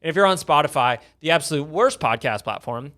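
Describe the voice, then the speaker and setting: A young adult man co-hosting a casual business podcast, talking in an energetic, emphatic way and often tagging his points with "okay?". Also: a little high, quick pace. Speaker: podcast co-host.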